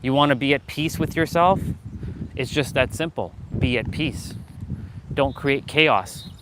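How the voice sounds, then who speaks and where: A man's voice: medium pitch, a little slow, background noise. Fired-up preachy man on a livestream. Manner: calls out chat viewers directly. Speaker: livestream host. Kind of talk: live motivational talk to chat.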